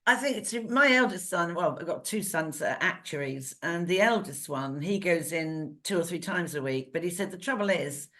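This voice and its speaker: An older woman from England co-hosting a casual current-affairs chat, chatty and lively, telling stories and laughing often. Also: fairly low pitch, normal speed, hardly any pauses. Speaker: co-host.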